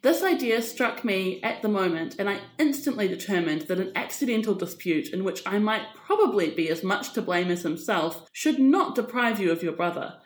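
A woman's voice: medium pitch, lively intonation, moderate pace, few pauses, lightly acted. A woman reading aloud and voicing a scheming, persuasive aristocratic mother with a theatrical manner. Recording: echoey room.

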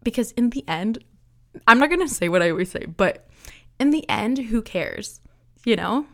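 A woman's voice: fairly high pitch, expressive, normal speed, fairly bright tone. Chatty young woman hosting a podcast. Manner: chatty, rambling, laughs often, many fillers. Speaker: podcast host. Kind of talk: casual solo podcast chat.

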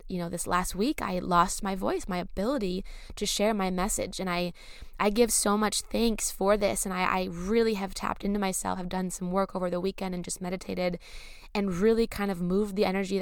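A woman hosting a spiritual self-help podcast, earnest and chatty, her voice still hoarse from losing it. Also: mid-range voice, dry recording, clean studio sound. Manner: gushing, earnest, openly nervous, chatty. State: recovering from lost voice, hoarse. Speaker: podcast host.

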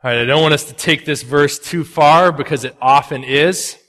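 A man delivers a sermon in a chatty, lively way, punching up jokes and then dropping low and earnest. His voice is fairly high and sharp-edged. It carries a long reverb from a church sanctuary. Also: normal speed. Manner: animated, conversational, swings between loud punchy asides and quiet earnest lows. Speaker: pastor.

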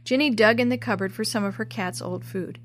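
A woman's voice: mid-range voice, a little fast. Woman reading a children's book aloud. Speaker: narrator.

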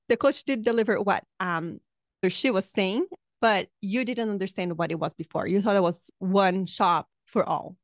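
A woman's voice: medium pitch, no echo, studio quality. A woman hosting a casual podcast monologue as a life coach, effusive and upbeat with chatty asides, her throat slightly sore.

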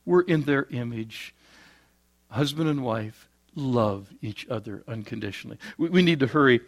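A man delivering a sermon in a somewhat high voice. He builds to loud, emphatic peaks and then drops into quiet, low asides, mixing in homely jokes. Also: big pitch swings, normal speed. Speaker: preacher.

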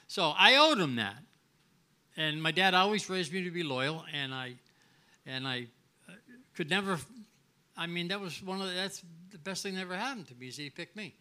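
A man's voice: high voice, normal speed, clean tone. An older man, a guest at a live restaurant event, telling a story casually and acting out the dialogue, with frequent restarts. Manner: animated, acts out dialogue, many restarts.

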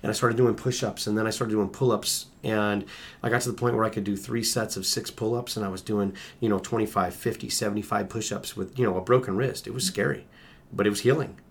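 A man's voice: lowish voice, fairly even intonation, brisk, slightly rough. A middle-aged man recounting a personal story as an interview guest, earnest, with restarts and acted-out quotes.

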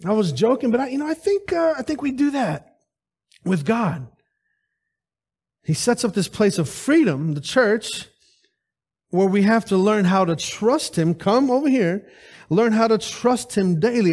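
A man preaching a lively sermon at a church service, calling out to the congregation with rhetorical questions. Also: sits high, measured pace, slightly rough.

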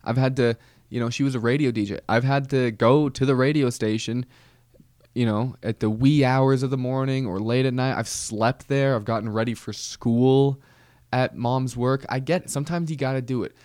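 A man hosting a comedy podcast, telling a rambling deadpan story with casual slang. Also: medium pitch, moderate pace, no echo, clean studio sound. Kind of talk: comedic monologue.

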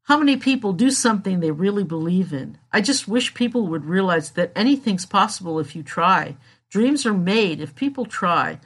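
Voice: medium pitch, expressive, normal speed, a bit bright, slightly rough. A narrator voicing a determined young man with cancer, earnest and plain-spoken. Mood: resolute.

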